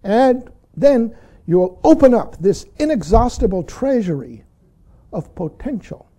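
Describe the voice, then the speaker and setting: A man's voice: sits high, big pitch swings, measured pace, dark tone. A man giving a dharma talk as a Zen teacher, blunt and teasing, who laughs readily and keeps saying "see".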